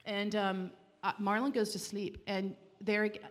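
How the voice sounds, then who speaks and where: A woman telling her personal Christian testimony in an earnest, heartfelt way, with halting restarts. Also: medium pitch, flat delivery. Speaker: speaker giving a Christian testimony. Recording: long reverb, as in a large hall.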